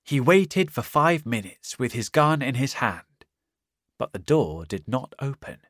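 A man narrating a simplified storybook in a slow, clear, careful reading. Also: mid-range voice, very animated, fairly bright tone, no echo, clean studio sound. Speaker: audiobook narrator. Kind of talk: scripted narration of a simplified reader.

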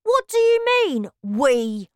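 Woman doing a high shouty whiny boy mouse, storybook, drawn-out words. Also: very animated, no echo, clean studio sound, exaggerated voice. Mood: indignant. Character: loud greedy young boy turned into a mouse. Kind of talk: storybook reading.

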